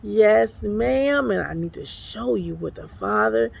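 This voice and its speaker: Speaking slowly but with plenty of animation, a woman apostle gives an informal devotional into her phone, filming herself by the water behind an apartment complex. Her mid-range voice has vocal fry and a slightly rough edge. She oversees a ministry, and her talk is folksy and exclamatory, sprinkled with "honey" and "y'all."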